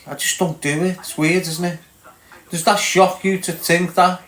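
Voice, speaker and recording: His voice on the high side and fairly bright, this Liverpudlian speaks at normal speed with fairly even intonation. As a livestream host in an echoey room, he bluntly lectures viewers in a casual rant, asking over and over whether they understand.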